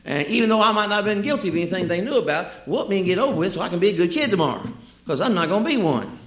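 A male preacher who tells humorous, folksy stories from the pulpit. His pitch sits a touch high and swings widely, and his voice rings with a roomy echo. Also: racing. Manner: storytelling, humorous, lively asides. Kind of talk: sermon. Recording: echoey room.

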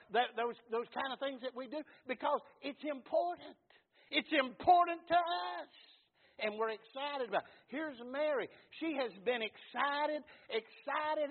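Folksy pastor, high-pitched, repeats himself, thin phone-line audio. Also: male voice. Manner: folksy, repetitive, swings from loud to hushed. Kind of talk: sermon. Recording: tinny phone-like sound.

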